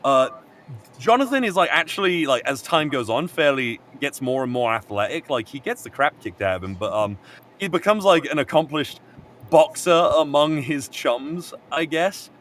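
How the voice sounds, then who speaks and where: A man chatting casually on a group call, retelling a story in a rambling, animated way, full of fillers and restarts and casual swearing. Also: fairly high pitch, moderate pace, slight background noise. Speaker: stream co-host. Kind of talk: casual chat retelling an anime plot.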